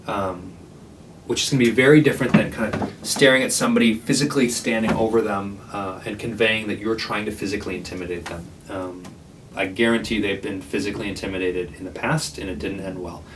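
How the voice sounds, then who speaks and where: A man's voice: fairly low pitch, steady tone, brisk, recorded from a distance, noisy background. A man who works at a homeless shelter, giving a casual, earnest training talk to librarians with many fillers and restarts.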